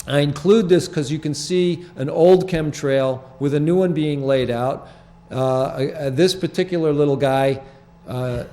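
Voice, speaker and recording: Older man, studio host, halting and rambling, earnest, mid-pitched voice. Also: darkish tone. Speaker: show host presenting his sky photographs. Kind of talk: casual studio talk. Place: small public-access TV studio.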